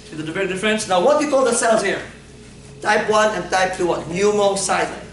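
High-voiced playful male lecturer. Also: moderate pace, slight background noise. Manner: playful, quizzing students, frequent laughs. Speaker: anatomy lecturer. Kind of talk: classroom lecture. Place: classroom. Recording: echoey classroom from far off.

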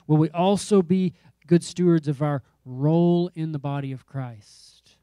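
A male pastor preaching with emphatic, repetitive rhetoric that builds in rising calls. His voice is mellow and warm, recorded close and dry with no room sound. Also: a little high, moderate pace, few pauses, no echo. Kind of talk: sermon.

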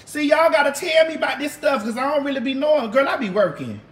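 A high-pitched woman chats casually on a livestream, brash and sassy, with a drawl and a steady stream of cussing. Her voice rings around a roomy, echoey space picked up by a phone or webcam mic. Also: fast talker, a little hiss or hum. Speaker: livestream host. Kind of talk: casual livestream chat with viewers. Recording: roomy echo.

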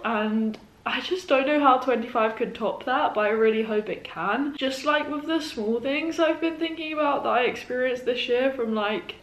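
A young woman in her twenties talks to camera, her voice a little high. She sounds emotional and heartfelt, and she fills her sentences with "like." The room around her is noticeably echoey. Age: 20s. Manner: emotional, heartfelt, leans on "like" a lot. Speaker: vlogger. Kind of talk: reflective birthday vlog. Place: indoors at home.

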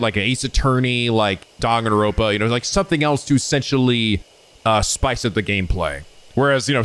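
A man hosting a let's play, chatting excitedly and a little ramblingly as he introduces a new game. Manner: voices quoted people in a raised pitch. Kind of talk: casual gaming commentary.

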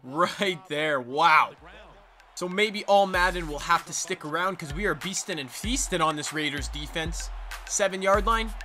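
A man giving excited, trash-talking commentary over his own football video game play. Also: a little high, measured pace. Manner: hyped, trash-talking, sing-song exclamations. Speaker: gaming YouTuber.

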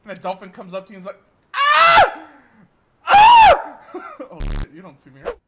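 A woman's voice: on the low side, expressive, racing, heavy background noise. A young woman giving casual commentary as she streams a game, swearing freely and laughing often. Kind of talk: casual live-stream commentary while gaming.

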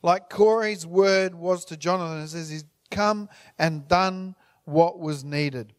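A man's voice: sits high, slow, clean tone. A man pastor introducing a preacher to his church, emphatic and rallying.

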